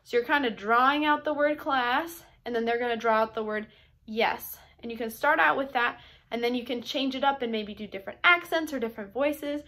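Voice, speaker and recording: A young woman who teaches preschool talks other teachers through her classroom routines in an upbeat, explanatory way. Her voice sits a little high for a woman, and she breaks into short, bright call-and-response chants to show how each one goes. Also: a little fast. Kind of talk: instructional talk to teachers.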